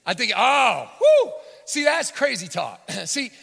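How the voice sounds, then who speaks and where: A man's voice: very high-pitched, wildly swooping pitch, slow, gravelly, fairly bright tone, slightly rough, pitched above the performer's own voice, exaggerated voice. A man voicing a proud, boastful ancient king who speaks in a grandiose, self-important way. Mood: dismissive, boastful. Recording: long hall reverb.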